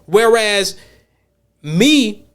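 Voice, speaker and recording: High-voiced man rambling on a podcast. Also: lively intonation, very slow, fairly bright tone, clear, resonant tone. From United States. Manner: rambling, repeats words while thinking; blunt and profane. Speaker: podcast host. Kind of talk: casual podcast chat.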